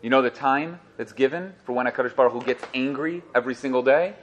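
A man's voice: mid-range voice, fast talker, lo-fi sound, a little hiss or hum. A man teaching a Torah class to listeners, storytelling and joking as he goes and acting out the voices in his stories. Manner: lively storytelling, acts out voices, jokes with listeners.

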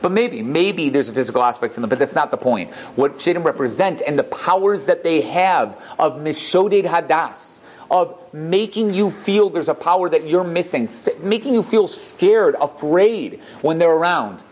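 A man, a rabbi, tells a story in a Torah class, animated, with many restarts and asides. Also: fairly high pitch, normal speed.

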